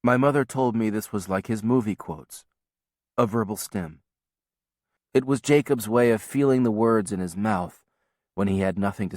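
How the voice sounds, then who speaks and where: Low-voiced male audiobook narrator, dry. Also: darkish tone, no echo. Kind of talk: first-person audiobook narration.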